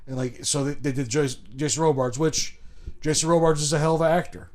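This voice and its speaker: A man from Chicago with a fairly high voice rambles through a podcast over a remote call, swearing freely and circling back on himself. His talk is loose and full of restarts and asides. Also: steady tone, fairly quick, darkish tone. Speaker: podcast co-host. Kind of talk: casual chat.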